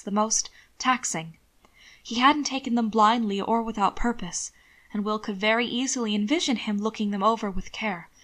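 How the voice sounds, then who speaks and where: A woman reading a fan fiction story aloud as narrator, in a calm, measured way. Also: medium pitch. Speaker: audiobook reader.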